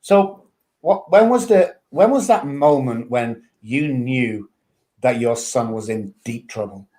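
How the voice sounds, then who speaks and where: A man's voice: medium pitch, expressive, slow pace, mellow. Blunt man hosting. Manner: blunt and frank, swears casually. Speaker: podcast host. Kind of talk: conversational interview.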